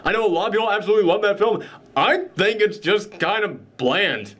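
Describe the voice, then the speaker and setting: A man with a slightly high voice chatting casually through a film review. He talks in a candid, opinionated way. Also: expressive, a little fast, fairly bright tone. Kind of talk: casual movie review chat.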